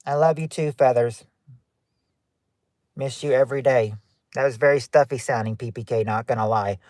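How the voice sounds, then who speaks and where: A man's voice: medium pitch, fairly even intonation, moderate pace, darkish tone, no echo, clean studio sound. A man hosting a livestream, chatting casually with viewers in a rambling way and restarting his sentences often. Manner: rambling, repeats himself with many restarts. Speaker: livestream host. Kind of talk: casual chat reading live chat.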